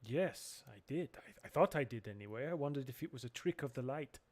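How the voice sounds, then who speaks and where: A skeptical, dry-witted companion, played by a man, teasing in a matter-of-fact tone. His voice stays at a plain everyday pitch in this tabletop role-play. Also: lively intonation, fairly quick, a little mellow, lightly acted.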